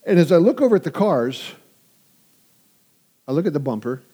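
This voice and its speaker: A man's voice: fairly high pitch, sing-song, normal speed, dark tone, breathy edge. A man in his sixties preaching a sermon, telling stories energetically and engaging his audience. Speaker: pastor.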